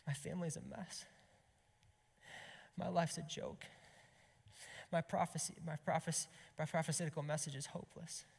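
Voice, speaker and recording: A man voicing an anguished, heartbroken prophet who pleads in a tearful, hushed half-whisper. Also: medium pitch, fairly even intonation, normal speed, vocal fry, slightly rough. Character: anguished grieving male prophet, heartbroken husband. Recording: long hall reverb.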